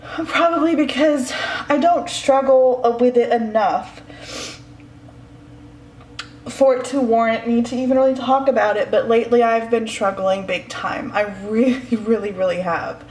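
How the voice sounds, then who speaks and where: A woman's voice: a little high, unhurried, darkish tone. Emotional woman vlogger in echoey room. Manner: emotional, candid, sighing. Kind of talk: personal vlog confession. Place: home, indoors.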